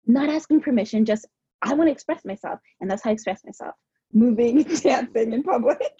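A woman's voice: fairly high pitch, fairly quick, mellow, breathy edge, no room sound, lo-fi sound. A woman guest on a podcast, talking in a rambling, heartfelt way, a little out of breath. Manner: rambling with many "like" fillers, heartfelt. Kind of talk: casual interview chat.

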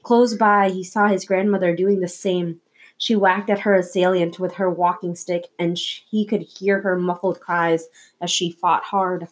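A woman reads a novel aloud in a somewhat low voice, steady and measured. She narrates simply and sets each scene without a lot of show. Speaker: audiobook reader.

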